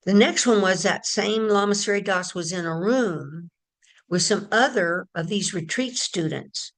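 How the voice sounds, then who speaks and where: A woman's voice: mid-range voice, measured pace. A woman giving a casual spiritual talk, telling a story in a chatty way and addressing her listeners directly. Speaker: spiritual teacher.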